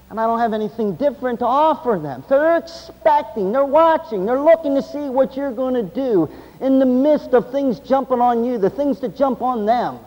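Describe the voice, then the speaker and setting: A man preaching a sermon, swinging between loud, intense passages and low, quiet stretches. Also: highs cut off. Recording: long hall reverb.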